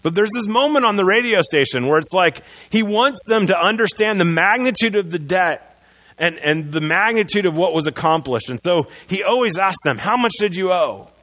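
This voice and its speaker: A man preaching a sermon as pastor in a church, moving between loud proclamation and quiet earnest passages. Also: high-pitched, expressive, moderate pace. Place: church sanctuary.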